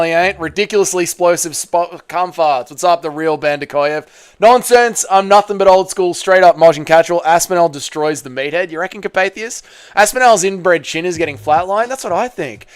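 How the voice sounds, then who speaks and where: A man's voice: on the high side, fairly quick, smooth. A man with an Australian accent who streams live, chatting casually with his viewers and swearing freely. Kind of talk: casual livestream reaction chat.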